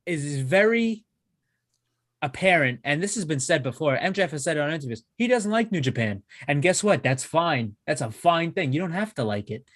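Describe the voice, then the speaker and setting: A man co-hosting a wrestling show in casual chat, excitable and swearing freely, often restarting his sentences. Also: fairly high pitch, brisk, no room sound, clean studio sound. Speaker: wrestling podcast co-host.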